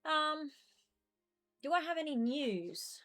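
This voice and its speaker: A woman's voice: high voice, big pitch swings, slow pace, fairly bright tone, soft background music. A young woman in her twenties chatting casually with her stream viewers from home, rambling with lots of fillers. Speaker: game streamer.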